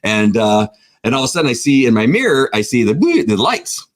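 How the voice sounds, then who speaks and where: A middle-aged man, co-host of a casual talk show, telling a long story and acting out the voices in it. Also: a little fast. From Southern California. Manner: animated storyteller, acts out voices with big pitch jumps. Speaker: podcast co-host.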